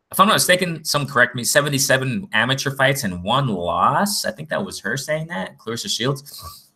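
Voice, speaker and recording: A man's voice: lowish voice, bright, forceful tone. A man chatting casually in a boxing vlog, rambling and often saying "you know what I'm saying". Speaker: boxing vlogger. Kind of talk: casual chat.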